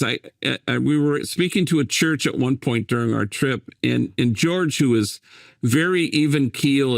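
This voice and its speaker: An older man from the United States talks in a gentle, musing way, often stopping and starting again mid-thought. His voice has a gravelly, creaky texture, and the sound is dry and close. The pitch sits in an ordinary middle range. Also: no echo. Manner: gentle, musing, halting with many restarts. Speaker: priest and guest. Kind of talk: reflective interview storytelling.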